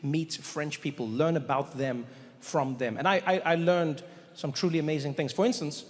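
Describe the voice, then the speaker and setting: A man doing stand-up storytelling in a large live venue, animated and acting out voices. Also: a little high, normal speed. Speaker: stand-up comedian. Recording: echoey hall with crowd noise. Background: audience laughter.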